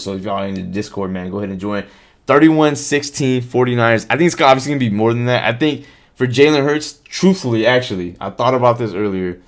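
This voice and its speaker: A man hosting a live-streamed sports podcast, talking casually and animatedly, swearing freely and reacting to chat comments. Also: medium pitch. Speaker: podcast host.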